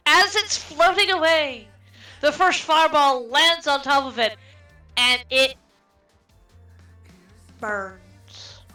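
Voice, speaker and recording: A woman's voice: sits high, sharp tone, reverberant. A woman narrating as game master of a tabletop role-playing game, chatty and prone to restarts. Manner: laughing, chatty, halting restarts. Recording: distant mic with faint music.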